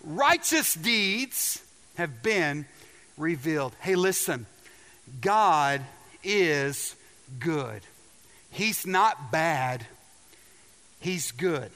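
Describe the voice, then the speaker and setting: Male pastor, emphatic slow sermon delivery, bright tone, big hall reverb. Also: high voice. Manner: emphatic preaching with repeated words and questions to the audience.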